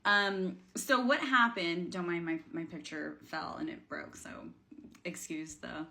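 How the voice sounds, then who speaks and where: A woman's voice: lowish voice, fairly even intonation, unhurried, vocal fry, pushed and bright. A woman coaching viewers in a casual, rambling vlog, speaking earnestly with lots of fillers and restarts. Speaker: spiritual coach. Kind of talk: casual talking-to-camera vlog.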